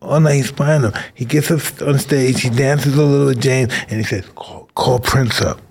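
A man's voice: mid-range voice, a little fast, gravelly, slightly rough. A man hosting a podcast, telling stories casually and animatedly. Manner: animated storyteller. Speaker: host. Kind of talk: casual storytelling.

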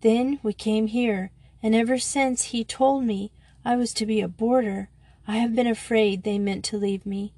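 A woman's voice: a little high, fairly even intonation, unhurried, a little mellow, no echo. A woman voicing a frightened, tearful schoolgirl pleading between sobs. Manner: sobbing, pleading.

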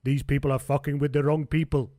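A man putting on a grumpy, furious male rugby coach who makes slow, sulky demands. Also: on the high side, flat delivery, dark tone, no echo, clean studio sound, close to an everyday voice.

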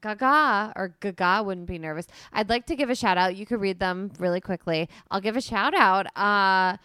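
A woman hosting a podcast, chatty and upbeat. Her voice is smooth and clear at an ordinary middle pitch. The recording is dry and close. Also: normal speed, bright, forceful tone, no echo. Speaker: podcast host. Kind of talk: casual podcast chat.

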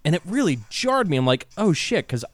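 A man's voice: on the high side, sing-song, quick pace, dry recording. A man co-hosting a casual podcast, who swears often and rants heatedly. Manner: profane, heated ranting. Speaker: podcast co-host.

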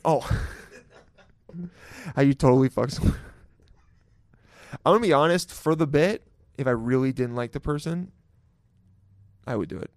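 A man's voice: mid-range voice, moderate pace, long pauses, darkish tone, dry recording. A man hosting a podcast, talking casually in a loose, jokey and profane way, laughing often. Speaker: podcast host. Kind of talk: casual solo podcast intro.

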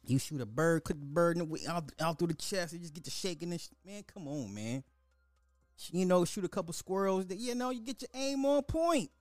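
Middle-aged man, podcast host, loose animated storyteller, dry close mic, faint music under him. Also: high voice, a little fast, no echo. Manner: animated storytelling, laughs often, swears. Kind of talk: casual chat.

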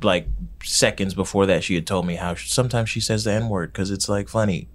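Male comedian, low register; relaxed, filler-laden chat. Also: fairly quick. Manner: loose, filler-heavy, jumps high when quoting himself. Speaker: stand-up comedian. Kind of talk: casual chat.

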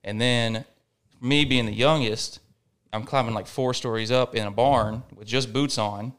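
A man's voice: mid-range voice, steady tone, measured pace, a bit bright, clean tone. A young man, a college baseball coach telling stories in a laid-back, folksy way as a podcast guest. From Western Kentucky. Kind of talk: casual podcast chat.

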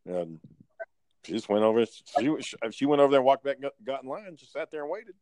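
A man telling work stories in casual chat, animated and profane, acting out the people in them. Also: medium pitch, fairly quick, no room sound.

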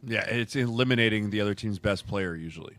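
A man's voice: on the low side, quick pace, a bit bright. A man co-hosting a casual sports podcast, a college line coach who explains plays and keeps adding "right?" and "like".

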